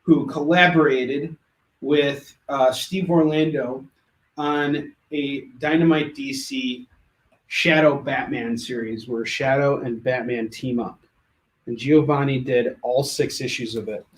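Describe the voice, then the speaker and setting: A man hosting a live comic book sales show, pitching books with joking, rambling asides. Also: fairly even intonation, slow, a little hiss or hum. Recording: echoey room.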